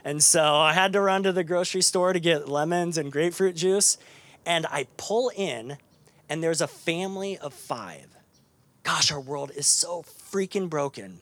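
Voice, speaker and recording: A man preaching a sermon to a live congregation, chatty and animated, with lots of fillers and restarts. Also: fairly high pitch, a little slow. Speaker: pastor. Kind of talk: conversational sermon.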